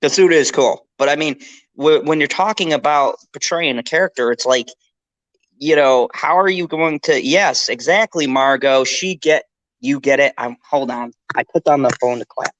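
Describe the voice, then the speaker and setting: A man's voice: a little high, moderate pace, no room sound, muffled recording. A man co-hosting a live pop culture stream, talking casually and ranting with lots of swearing. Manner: animated, profane, ranting.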